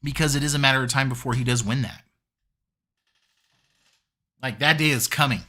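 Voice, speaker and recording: A man's voice: mid-range voice, moderate pace, bright, forceful tone. A man giving a casual solo review of a wrestling show, chatty with lots of fillers and easy laughs.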